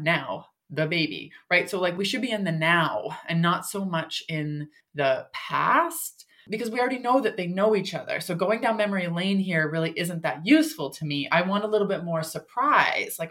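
Low voiced young woman rambling thru a book critique, like, you know, super casual. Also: fairly bright tone. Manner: rambling, filler-heavy, lots of "like" and "you know". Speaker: podcast co-host critiquing manuscripts.

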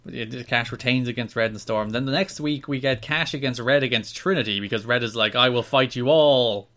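Man, podcast co-host, casual wrestling review chat, animated, restarts sentences. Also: medium pitch, brisk.

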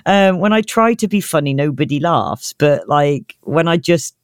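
A man's voice: fairly high pitch, expressive, moderate pace, clear, resonant tone, no room sound, clean studio sound. A man co-hosting a podcast in casual chat, self-deprecating and laughing mid-sentence. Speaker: podcast co-host.

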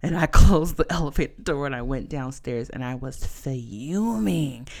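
A woman podcast host telling a personal story in a chatty, animated way, full of "like" and "you know". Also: extremely low pitch, brisk. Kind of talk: casual storytelling monologue.

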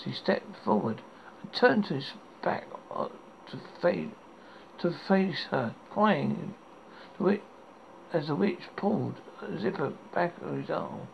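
A man hosting a horror podcast, reading a dark story aloud with stumbles and restarts. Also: on the high side, animated, slow, creaky. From United Kingdom. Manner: stumbling, self-correcting reading. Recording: dull lo-fi recording with faint hiss.

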